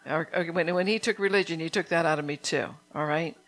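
A woman's voice: sits low, a little fast, fairly bright tone. A woman preaching a sermon in a conversational, fervent way, often checking in with her congregation.

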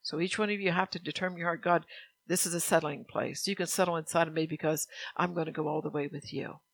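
A woman pastor preaching a sermon. She reads scripture slowly and earnestly and puts direct questions to her congregation. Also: lowish voice.

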